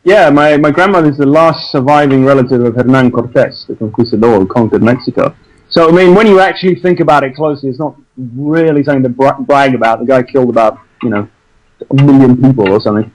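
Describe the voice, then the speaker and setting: A man's voice: mid-range voice, fast, rough recording. A man with an English accent, an actor chatting as an interview guest, self-deprecating and prone to restarts. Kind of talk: casual interview chat.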